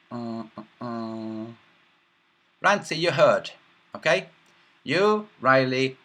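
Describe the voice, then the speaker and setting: A husky-voiced man chats casually on a livestream. His pitch swings widely and his tone is bright and sharp. He rambles and mocks, filling pauses with stretched sounds. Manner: rambling and mocking, with many filler sounds. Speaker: livestream host reading chat.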